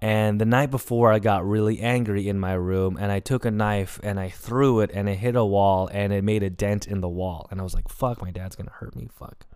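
A man's voice: on the low side, steady tone, brisk, few pauses, darkish tone, clear, resonant tone, dry recording. A young man hosting a comedy podcast alone, telling a personal story in an emotional, rambling way with lots of fillers. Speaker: podcast host. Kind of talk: confessional solo storytelling.

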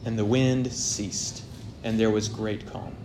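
With a fairly low, slow voice that barely moves in pitch, a man preaches an expository sermon. His volume swells on key points and drops very soft, over faint noise behind him.

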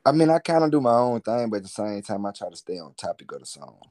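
Homem de voz bem grave, descontraído. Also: male voice, lowish voice, big pitch swings, fast, a little mellow. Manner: laid-back, rambling, slangy. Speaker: guest, musician and entrepreneur. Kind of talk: casual interview chat.

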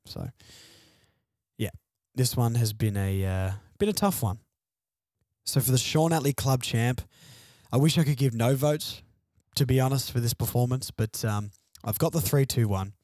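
A man's voice: mid-range voice, expressive, moderate pace, a little mellow, no echo, studio quality. A man hosting a fan podcast alone, venting frustrated, sardonic opinions about his team's loss. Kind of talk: solo sports podcast rant.

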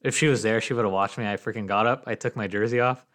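Young guy kinda low voice, chatty, tells sports stories and does the other people's lines. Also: fast. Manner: animated storytelling, acts out quotes. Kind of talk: casual sports chat.

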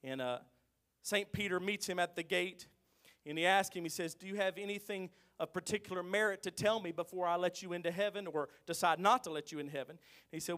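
A man preaching in a church, with a very high, bright, ringing voice. He tells folksy stories quietly, then breaks into loud, stretched-out shouts. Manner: swings from quiet storytelling to shouted, drawn-out exclamations. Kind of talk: sermon.

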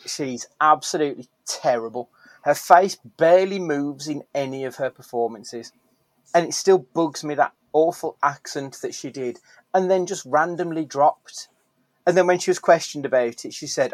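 A man's voice: fairly high pitch, moderate pace, no echo, poor audio. A man hosting a casual podcast chat, blunt, opinionated and freely profane. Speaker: podcast host.

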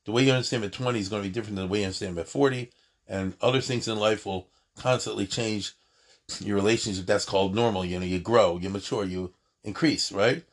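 A man's voice: lowish voice, fast talker. A man teaching an informal lecture on prayer, talking in an emphatic, digressive way with many asides and restarts. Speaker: Torah teacher.

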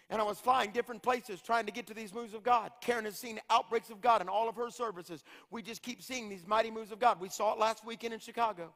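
Impassioned preacher in an echoing hall. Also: male voice, high voice, fairly even intonation, fast, hardly any pauses, fairly bright tone. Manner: impassioned, rhythmic repetition. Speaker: evangelist. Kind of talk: revival sermon. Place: large church hall. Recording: long hall reverb.

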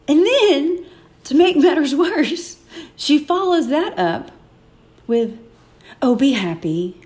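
A woman hosts a podcast and retells a Bible story with playful drama, slipping into the characters' voices and laughing at her own asides. Her pitch swings widely and her delivery stays animated throughout. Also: very slow, pauses often. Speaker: podcast host.

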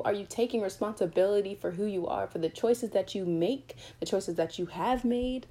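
Mellow-voiced woman podcaster. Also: mid-range voice, normal speed, hardly any pauses. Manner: earnest, candid, conversational. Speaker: podcast host. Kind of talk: motivational faith podcast.

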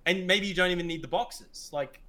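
A man's voice: high-pitched, normal speed, bright, forceful tone. A man co-hosting a podcast, chatting casually about a film and swearing as he retells scenes. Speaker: podcast co-host. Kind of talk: casual film review chat.

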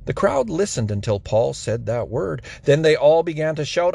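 A man reads scripture aloud in a gravelly voice that sits a little high for a man. He keeps a steady, even pace from line to line. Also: moderate pace. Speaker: Bible reader. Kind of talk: scripture reading.

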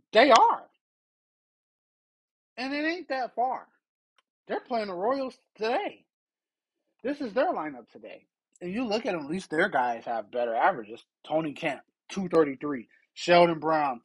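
A man's voice: high voice, husky, poor audio. A man hosting a solo sports podcast, ranting with exasperated rhetorical questions. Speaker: podcast host.

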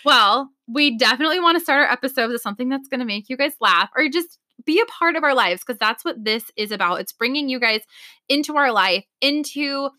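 A woman co-hosting a podcast in casual chat, bubbly and quick to laugh, with a lot of "like" in her speech. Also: high voice, animated, bright, forceful tone, no room sound, clean studio sound. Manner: bubbly, laughs often, heavy use of "like". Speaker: podcast co-host.

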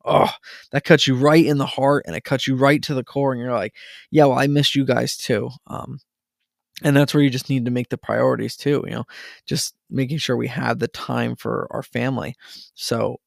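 A man in his thirties talks straight to his listeners in a casual, earnest way, often repeating words as he gets going. His voice has a gravelly, fry-heavy edge. The sound is dry and close, with little room around it. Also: medium pitch, fairly even intonation, moderate pace, dry recording. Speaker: podcast host. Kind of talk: casual solo talk to listeners.

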